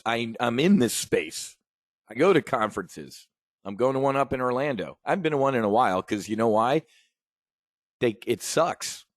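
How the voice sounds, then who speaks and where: A man hosting a live options trading brief, talking in an energetic, rambling, conversational way with emphatic asides. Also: medium pitch, no echo, clean studio sound. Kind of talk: livestream trade brief.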